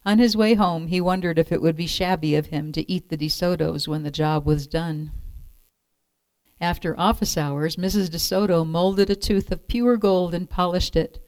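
A woman reads a picture book aloud, clear and measured. Her voice sits a little low, and the sound is dry and close. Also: steady tone, darkish tone, dry recording. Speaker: storyteller.

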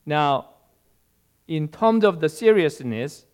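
Slow, clear-voiced male preacher. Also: fairly high pitch, lively intonation, darkish tone. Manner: slow, deliberate storytelling delivery. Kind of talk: sermon.

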